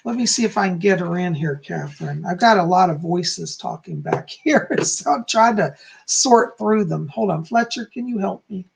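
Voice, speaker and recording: A man's voice: sits high, moderate pace, gravelly, a little hiss or hum. A man giving live psychic readings, chatting as he answers viewers one by one. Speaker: psychic medium.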